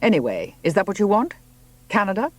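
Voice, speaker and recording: Man doing a blunt kindly country gent, dry and calm, lots of movement in the voice. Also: high-pitched, a little fast, no room sound, pitched above the performer's own voice. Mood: firm. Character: older country gentleman, blunt but kindly.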